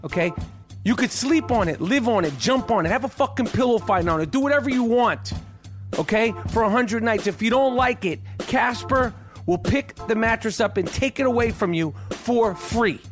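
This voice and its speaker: His pitch is extremely high and expressive as this podcast host covers sports and reads an ad at a moderate pace over soft background music. He rambles brashly, swears freely, and keeps asking "okay?".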